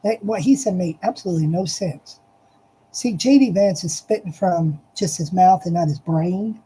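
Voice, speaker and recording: A political commentator pounds away at his points in a heated, repetitive address aimed directly at listeners. His medium-pitched voice has a warm tone and breathy edge at a moderate pace, though the recording is rough.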